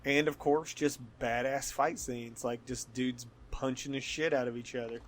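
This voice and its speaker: A man's voice: medium pitch, steady tone, normal speed, slight background noise. Laid-back laughing guy chatting comics. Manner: laid-back, laughs often, swears casually. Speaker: podcast co-host. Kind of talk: casual chat about comics.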